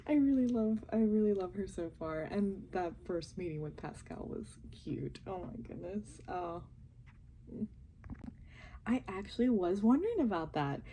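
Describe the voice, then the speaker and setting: A young woman chatting casually and softly at home as she reacts to a TV show, often giggling. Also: mid-range voice, lively intonation, unhurried, a little hiss or hum, low-quality recording. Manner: talking softly and quietly, giggly. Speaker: reaction vlogger. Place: home while family sleeps.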